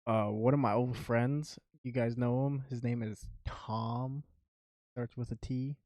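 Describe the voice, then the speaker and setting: A man's voice: mid-range voice, steady tone, unhurried, a little mellow, no echo. A young man co-hosting a podcast, telling stories in a laid-back way and laughing as he goes. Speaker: podcast co-host. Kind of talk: casual storytelling.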